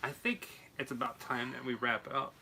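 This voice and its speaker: A young man co-hosting a late-night talk show, easygoing and chatty, quick to laugh. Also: medium pitch, little pitch movement, gravelly, bright, forceful tone, a little hiss or hum. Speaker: co-host. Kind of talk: casual late-night chat.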